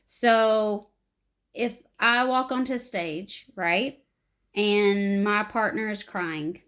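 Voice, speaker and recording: A young woman explaining improv to beginners, animated and acting out short example lines. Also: medium pitch, extremely slow, smooth. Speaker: improv teacher.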